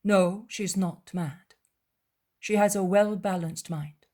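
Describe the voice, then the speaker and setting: A woman voicing a calm, wise male teacher who speaks in a measured, gentle and earnest way in a dramatized audiobook. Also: medium pitch, lightly acted.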